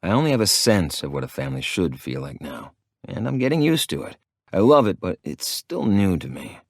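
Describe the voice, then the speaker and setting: A man narrating an audiobook in the first person, in a gruff, profane manner. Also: deep voice, big pitch swings, brisk, no room sound, clean studio sound.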